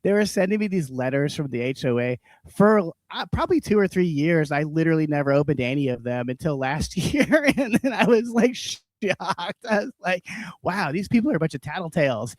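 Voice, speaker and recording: Male comedy podcaster, higher-pitched, foul-mouthed ranting, dry studio sound. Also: animated, normal speed, few pauses, dry recording. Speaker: podcast host. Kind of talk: profane comedic rant.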